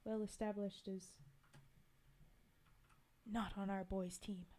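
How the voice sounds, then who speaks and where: A woman's voice: mid-range voice, flat delivery, takes it slowly, dark tone, slight background noise. A woman streamer chatting casually between poem readings, giggling and filling gaps with ums. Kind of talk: casual chat between poems.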